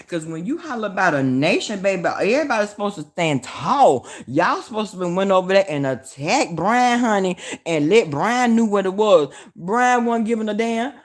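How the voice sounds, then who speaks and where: Loud, profane Southern woman vlogger. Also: medium pitch, moderate pace, hardly any pauses. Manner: loud, profane and animated, hollering and addressing viewers as y'all. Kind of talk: casual livestream chat.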